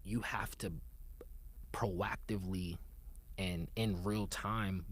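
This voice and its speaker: A man talking in an earnest, reflective conversation, often dropping to a soft, low murmur and turning emphatic to stress a point. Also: fairly even intonation, takes it slowly.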